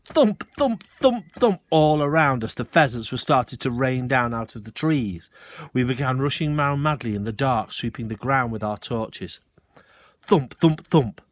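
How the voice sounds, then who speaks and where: A male teacher with a mid-range voice reads a children's book aloud expressively, pausing for short asides to his listeners.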